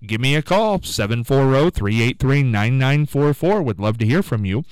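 Man, radio host, chatty, rambling, smooth resonant voice, dry studio sound. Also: medium pitch, expressive, moderate pace, darkish tone, no room sound, low-quality recording. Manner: chatty and rambling, repeats the call-in number. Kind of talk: call-in radio show chat.

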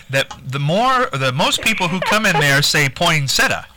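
A man's voice: fairly high pitch, very animated, unhurried, very noisy. A man co-hosting a radio call-in show, teasing and laughing often. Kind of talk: casual radio chat.

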